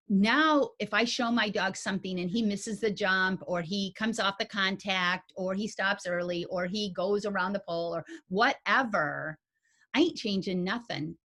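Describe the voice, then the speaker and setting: Folksy woman teaching dog agility. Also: mid-range voice. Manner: folksy and animated, with homey grammar. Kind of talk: conversational teaching talk.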